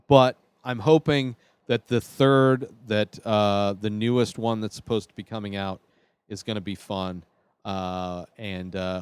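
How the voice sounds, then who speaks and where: A man's voice: mid-range voice, clear, resonant tone, dry recording. Enthusiastic man rambling solo. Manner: enthusiastic, rambling with restarts and fillers. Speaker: podcast host. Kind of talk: casual solo commentary.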